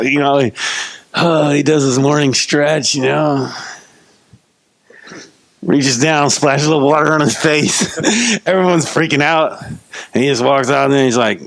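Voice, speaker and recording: A man's voice: fairly high pitch, measured pace, creaky, long pauses. A male pastor preaching a sermon in a casual, playful storytelling manner.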